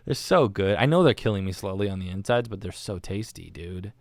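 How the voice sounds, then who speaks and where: A man's voice: fairly low pitch, fairly quick, hardly any pauses, no echo, clean studio sound. A man hosting a solo podcast, rambling casually with a slangy, self-mocking manner. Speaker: podcast host. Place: recorded alone, not live. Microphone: studio microphone.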